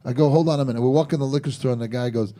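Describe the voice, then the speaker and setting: A man telling a lively story in casual chat, acting out the quotes as he goes. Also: mid-range voice, very fast, crowd noise. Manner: animated storyteller, acts out quotes.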